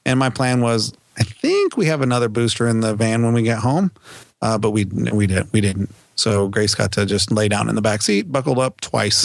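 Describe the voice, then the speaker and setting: A man's voice: medium pitch, creaky, no echo. A man co-hosting a podcast, telling a casual story with lots of laughs and acted-out lines from his family. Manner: animated, laughs often, acts out family members' lines. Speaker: podcast co-host.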